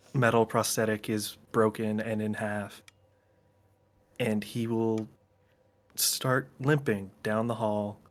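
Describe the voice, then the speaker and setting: Slow-talking man playing a tabletop game. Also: on the low side. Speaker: tabletop player. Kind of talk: casual game narration.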